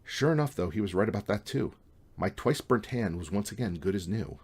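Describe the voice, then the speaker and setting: Author-narrator, male, relaxed wry novel reading, deep and husky. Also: a little fast. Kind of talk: audiobook reading.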